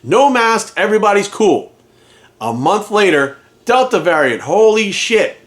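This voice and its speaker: A man's voice: high-pitched, big pitch swings, measured pace, a bit bright. A man in a heated, profane rant to camera, hammering his points home by repeating them. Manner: heated, profane, emphatic, repeats phrases for force. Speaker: fitness trainer and coach. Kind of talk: ranting monologue to camera.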